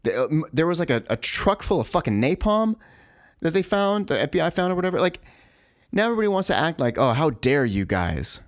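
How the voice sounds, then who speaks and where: A man's voice: high voice, animated, quick pace, no room sound, clean studio sound. A man in a profane, exasperated, rambling rant, full of restarts and asides. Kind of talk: ranting monologue.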